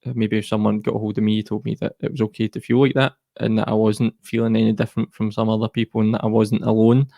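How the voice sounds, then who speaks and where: A man's voice: fairly low pitch, little pitch movement, fast, gravelly, few pauses, dark tone, no echo. A Scottish man speaking as an interview guest, earnest and reflective. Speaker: guest, mental health charity co-founder. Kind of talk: personal interview talk.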